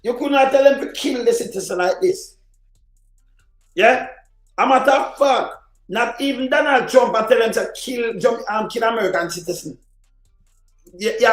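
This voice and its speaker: A man with a Jamaican accent giving heated political commentary on a live stream, often raising his voice to a shout and mixing patois with English. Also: high-pitched, roomy sound, low-quality recording. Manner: fired-up, sometimes shouting, mixes patois and English.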